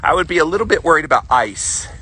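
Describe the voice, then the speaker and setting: A man's voice: fairly high pitch, big pitch swings, fast talker, bright, forceful tone, breathy edge. A man in his forties with a Southern US accent, chatting casually with viewers while out walking a hilly trail. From South Carolina, US. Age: 40s. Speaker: vlogger answering live viewer comments. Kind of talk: casual walk-and-talk chat.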